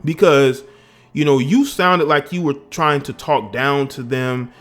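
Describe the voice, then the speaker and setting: Man from the South, vlogger, political commentary, emphatic, indignant, mid-pitched voice, faint music behind. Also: measured pace. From American South. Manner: emphatic and indignant, with repeated restarts.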